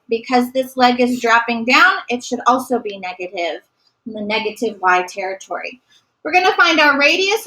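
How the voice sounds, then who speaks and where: A woman teaching a math lesson, asking questions and answering them herself with quick praise, explaining each step slowly and carefully. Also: fairly high pitch, sharp tone, rough recording. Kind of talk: recorded classroom math lesson.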